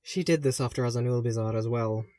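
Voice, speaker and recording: A man's voice: mid-range voice, fast, mellow, dry recording, clean studio sound, close to an everyday voice. A man voicing the ghost of a young dwarf prince, earnest and serious, in an audiobook reading. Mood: subdued.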